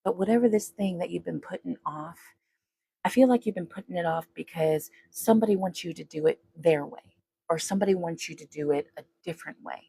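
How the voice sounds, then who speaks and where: Low gravelly woman reading tarot. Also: fairly quick, dark tone. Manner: chatty, talks to spirit and viewers, hums while shuffling. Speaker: tarot reader. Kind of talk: casual tarot reading to viewers.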